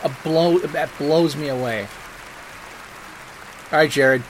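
A man's voice: fairly high pitch, takes it slowly, slight background noise. A man chatting casually as co-host, stammering on restarts and speaking emphatically, with some swearing. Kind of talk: casual chat.

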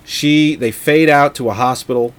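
A man's voice: mid-range voice, moderate pace. A man in casual, profane chat, rambling as he retells a film scene by scene.

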